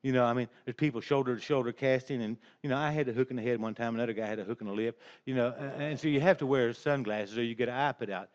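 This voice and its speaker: A man's voice: mid-range voice, steady tone, quick pace, few pauses, clear, resonant tone. An older man telling a rambling, folksy personal story, chuckling along as he goes. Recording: dull lo-fi recording.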